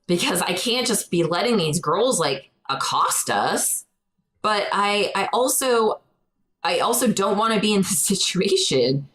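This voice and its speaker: Telling a story with real animation, this podcast co-host, a young adult woman, raises her voice to act out quotes during a casual chat. She has a mid-range voice with lively intonation and a fairly bright tone, speaking a little slowly on poor-quality audio.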